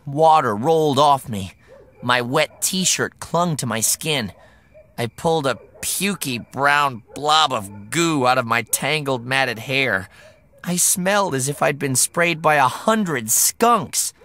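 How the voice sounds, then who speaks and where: Man narrating an audiobook, bright tone, very lively pitch, dramatic. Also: slow pace. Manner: dramatic, emphatic. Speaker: audiobook reader. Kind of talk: scripted narration.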